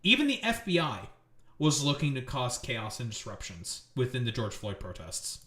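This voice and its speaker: A man's voice: mid-range voice, wildly swooping pitch, moderate pace, bright, forceful tone. A man hosting his stream with a political commentary rant. He talks in a profane, angry and sarcastic way. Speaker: streamer host. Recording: echoey room.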